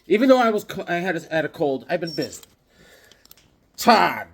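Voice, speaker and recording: A man's voice: fairly high pitch, very animated, racing. A man chatting casually in a vlog, rambling and joking as he shows off his comic collection at home. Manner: rambling, jokey, loose.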